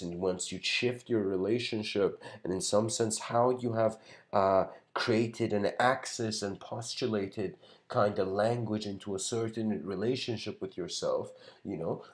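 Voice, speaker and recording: A man with a lowish voice talks through a philosophical lecture in a loose, casual way. He rambles and drifts into storytelling, filling the gaps with lots of "like" and "you know.". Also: darkish tone. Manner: rambling, filler-heavy, storytelling.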